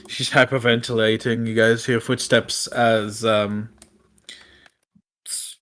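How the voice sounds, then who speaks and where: Slow, halting man running a tabletop game. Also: medium pitch, flat delivery, fairly bright tone. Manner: halting, filler-heavy narration. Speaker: game master.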